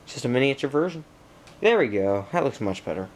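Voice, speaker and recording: A man's voice: mid-range voice, sing-song, fast, a little hiss or hum. A young man narrating an unboxing at home, rambling and talking to himself and the computer, getting frustrated while it loads. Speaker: tech vlogger. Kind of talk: casual unboxing commentary.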